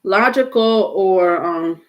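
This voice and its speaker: A woman giving a casual livestream tarot reading, rambling and halting, with many fillers and restarted words. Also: mid-range voice, dull audio. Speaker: tarot reader.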